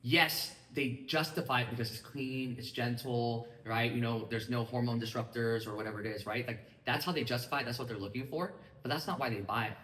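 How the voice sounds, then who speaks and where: Fast-talking man in an echoey room. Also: medium pitch, pushed and bright, slight background noise. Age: 30s. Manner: fast, casual, acts out quoted dialogue. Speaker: sales team leader. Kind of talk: training talk to a live group. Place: room with a small audience.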